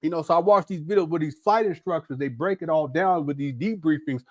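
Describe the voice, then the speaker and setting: A man doing casual reaction commentary, animated and exclaiming, laughing often. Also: fairly high pitch, brisk, no room sound, studio quality. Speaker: commentary host.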